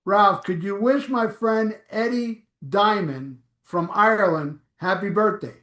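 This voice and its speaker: A man's voice: high-pitched, measured pace, a bit bright, echoey room. A man hosting a live stream, reading viewer comments aloud in a blunt, offhand, profane way. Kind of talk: casual live chat.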